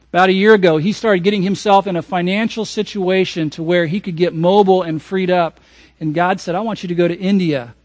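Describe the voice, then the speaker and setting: A pastor delivers his sermon in a high, light man's voice, pressing hard on key words and then dropping to near-hushed asides. The recording is close and completely dry, with no room sound behind him. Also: no echo. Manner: emphatic preaching, swings from raised to hushed.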